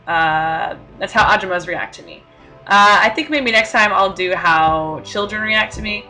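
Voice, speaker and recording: Casting: young woman vlogger, chatty and easygoing, bright voice, mid pitch. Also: a little slow, faint music behind. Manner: chatty, with frequent fillers and light laughs. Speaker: vlogger living abroad. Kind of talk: casual talk to camera.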